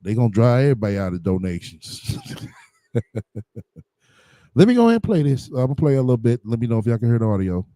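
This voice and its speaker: A man's voice: mid-range voice, big pitch swings, fast, long pauses, mellow, dry recording. A man giving blunt, profane livestream commentary, heavy on slang and fillers. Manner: blunt, combative, heavy on slang and "you know what I'm saying".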